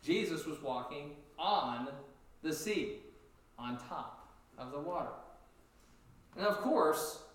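A man preaching a sermon in a lively, animated way, jumping up in pitch as he acts out what people said. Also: slow, long pauses. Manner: animated, acts out quotes with sudden high pitch jumps. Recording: echoey room, distant from mic.

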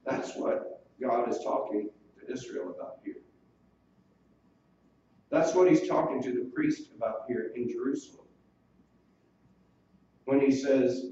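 Male pastor, earnest sermon delivery, mellow tone, miked from afar in a big echoey room. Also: medium pitch, measured pace, pauses often. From United States. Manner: earnest preaching, quotes scripture in old wording. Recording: distant mic in a very echoey room, dull lo-fi sound, faint hiss.

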